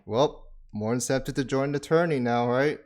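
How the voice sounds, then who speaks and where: A man's voice: mid-range voice, normal speed, a little mellow. A man hosting an anime reaction, giving casual commentary full of exclamations, laughter and swearing, and talking straight to his viewers. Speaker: anime reaction channel host.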